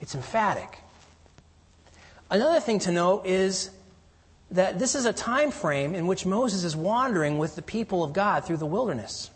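A man preaching a sermon in an earnest way, swinging between loud emphasis and hushed, quiet lows. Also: expressive, moderate pace, breathy edge. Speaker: pastor. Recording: reverberant hall.

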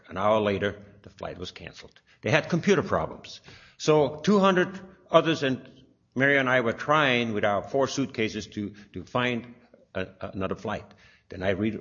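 In a dull lo-fi recording, an older man gives a long personal testimony in a lowish, fairly bright voice. His anecdotal storytelling rambles, with fillers and restarts.

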